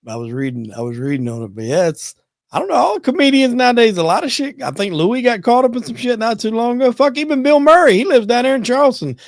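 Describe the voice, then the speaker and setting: A man's voice: very high voice, very animated, fast, no echo, studio quality. A man hosting a podcast, laid-back and profane, rambling in casual chat. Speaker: podcast host.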